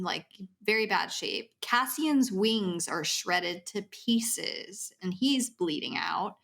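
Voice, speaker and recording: A woman co-hosting a book podcast, walking through the plot in relaxed, casual chat. Her pitch sits in the middle range. She drops in quick, laughing asides along the way. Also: vocal fry. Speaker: podcast co-host.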